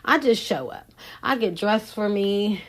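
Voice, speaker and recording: A woman's voice: mid-range voice, lively intonation, a little slow. A woman hosting a podcast, chatting casually and frankly to her listeners. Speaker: podcast host. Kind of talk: casual solo podcast chat.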